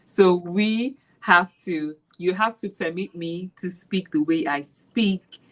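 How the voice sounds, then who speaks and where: Nigerian woman teacher, animated storyteller, slightly low voice, casual interview. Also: slow pace, low-quality recording. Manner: animated storyteller, laughs while retelling classroom moments. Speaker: special education maths teacher.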